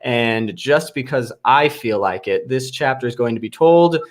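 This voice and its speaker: A man's voice: mid-range voice, expressive, a little slow. A man in an improv show, wryly announcing the chapters of a made-up story. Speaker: improv performer. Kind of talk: mock-announcer narration.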